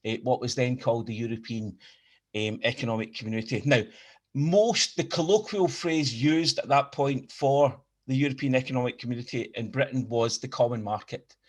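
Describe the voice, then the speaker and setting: A man's voice: medium pitch, steady tone, normal speed. A man with a Glaswegian Scottish accent gives an academic lecture over a video call, often repeating words and restarting phrases as he explains. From Scotland. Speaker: guest lecturer.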